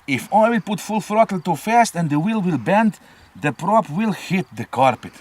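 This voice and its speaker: A man's voice: high voice, expressive, moderate pace. A man reviewing a model plane in casual chat, often tagging sentences with a questioning "eh?". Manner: chatty, ends phrases with a questioning "eh?".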